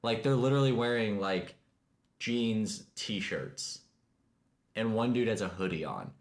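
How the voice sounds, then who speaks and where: A young man with a Kentucky accent co-hosts a casual podcast. His voice sits fairly low, and he tells stories with a joking, lively delivery and quick voiced asides. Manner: jokey, animated storytelling with quick voiced asides. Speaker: podcast co-host. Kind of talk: casual chat.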